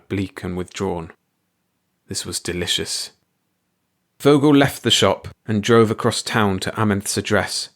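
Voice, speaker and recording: A man reads a classic short story aloud in a steady, even manner. His voice sits low. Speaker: audiobook narrator. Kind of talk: scripted story narration.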